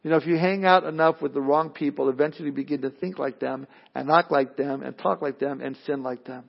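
Male preacher, high-pitched, dramatic loud-and-hushed delivery; muffled lo-fi sound. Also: fairly even intonation, brisk, creaky. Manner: swings from loud urgent appeals to low hushed lines, acts out quotes. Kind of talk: sermon. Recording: dull lo-fi recording.

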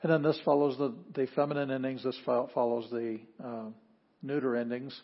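A man teaching a language class, explaining patiently with frequent pauses and fillers. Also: medium pitch, little pitch movement, lo-fi sound. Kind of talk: classroom lecture.

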